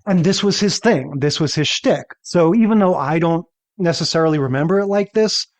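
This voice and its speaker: Man, podcast co-host, rambling casual chat, slightly higher voice. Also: moderate pace. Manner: rambling, often checks in with "right?".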